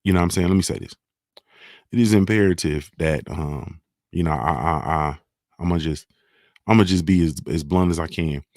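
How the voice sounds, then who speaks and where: Deep laid-back man hosting a morning show. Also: darkish tone, no room sound, clean studio sound. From Ohio. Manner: laid-back, repeats "man" and "you feel me", drawn-out sponsor plugs. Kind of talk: casual solo talk show monologue.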